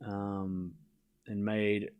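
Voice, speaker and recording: A man's voice: on the low side, little pitch movement, drawn-out words, clear, resonant tone, narrow, tinny audio. A man hosting a live tennis watchalong stream, chatting casually and sarcastically teasing viewers, rambling with restarts.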